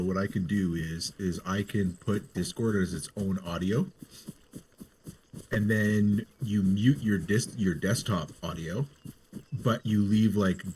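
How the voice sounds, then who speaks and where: A man's voice: sits low, darkish tone, a little hiss or hum. A man on a voice call patiently explains things step by step to a friend in casual chat. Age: older than the host.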